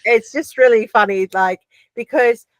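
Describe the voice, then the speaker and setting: A woman with an Australian accent, a podcast guest telling stories in a chatty, animated way with lots of fillers. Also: fairly high pitch, a little slow, no echo. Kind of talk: casual chat.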